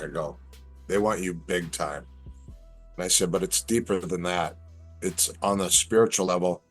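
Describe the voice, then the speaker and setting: Brief: middle-aged male guest, low voice, animated storyteller. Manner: animated storyteller, acts out quoted lines. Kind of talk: casual storytelling chat.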